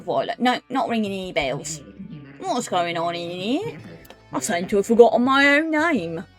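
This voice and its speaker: A woman voicing a self-important, forgetful male detective with a put-on deep gruff voice, over faint music. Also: natural voice.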